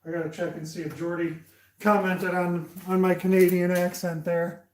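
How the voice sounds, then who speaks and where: At a moderate pace, a high-pitched man keeps up relaxed shop talk with his live chat while woodturning at a lathe in his workshop. He addresses viewers by name and reads comments aloud, and the camera set up beside the lathe picks up echoey workshop sound.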